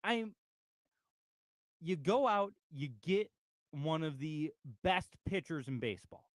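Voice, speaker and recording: A man hosts a casual sports radio talk show with a lively, animated delivery and a slightly high voice. He talks easily and reads out comments from the chat. The sound is dry and close. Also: slow, no echo.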